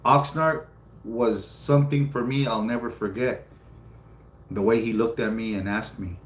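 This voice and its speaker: A middle-aged man from California tells a long personal story on a live stream, blunt and profane, circling back on his words for emphasis. His voice sits low, and the room around him is echoey with a faint hum of ambience. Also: steady tone, measured pace. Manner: blunt, swears freely, repeats himself for emphasis. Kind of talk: casual storytelling.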